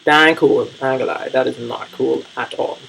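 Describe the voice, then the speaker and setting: A man's voice: mid-range voice, steady tone, a little fast, creaky, very noisy. A man vlogging casual reality-TV commentary, blunt, profane and gossipy.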